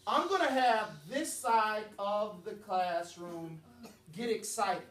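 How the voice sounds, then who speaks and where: A man, a children's author, reading aloud to a classroom of young kids, playful and lively, leading call-and-response. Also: high-pitched, slow. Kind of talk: animated classroom read-aloud. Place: classroom, indoors. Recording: echoey classroom heard from far off.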